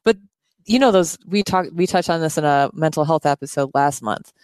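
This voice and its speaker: Woman co-host, candid and self-mocking, lower pitch, dry close mic. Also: normal speed, a little mellow, smooth, no echo. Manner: candid, laughs at herself, loses words. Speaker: podcast co-host. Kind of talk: casual chat. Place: indoors at her home.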